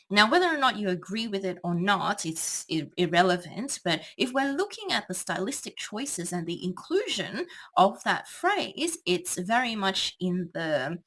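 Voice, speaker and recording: Female tutor, lowish voice, unhurried, hesitant analytical explanation. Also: a bit bright. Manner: thoughtful, hesitant with many ums. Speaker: English tutor.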